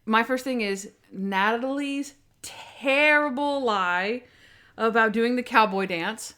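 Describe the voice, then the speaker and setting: A young woman co-hosting a podcast in casual chat, animated and acting out scenes in quoted voices. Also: on the high side, takes it slowly. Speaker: podcast co-host.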